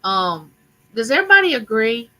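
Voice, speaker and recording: An older woman with a drawl hosts a casual live chat, calling out to viewers by name. Her voice is bright and forceful, and her way of talking is chatty and affectionate. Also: fairly high pitch, sing-song, moderate pace, low-quality recording. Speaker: live stream host.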